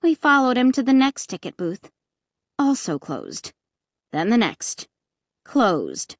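A woman narrating an audiobook in the first person, with expressive, dramatic storytelling on a close mic. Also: a little high, slow pace, no room sound.

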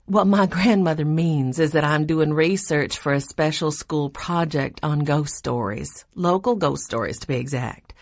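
A woman's voice: low voice, unhurried, few pauses, no echo, clean studio sound. A woman voicing a friendly, upbeat young college student in a storybook reading.

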